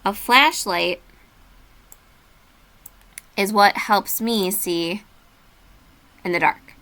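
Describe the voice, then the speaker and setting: A woman's voice: mid-range voice, drawn-out words, bright, forceful tone. A woman teacher giving a remote reading lesson, patiently walking students through a worksheet and spelling words letter by letter.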